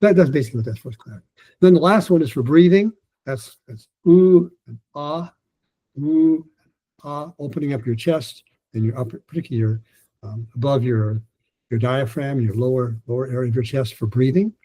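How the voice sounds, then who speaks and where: A man's voice: mid-range voice, quick pace, warm tone, husky, low-quality recording. An older man teaching pronunciation in an online lesson, explaining step by step and stretching sounds to demonstrate.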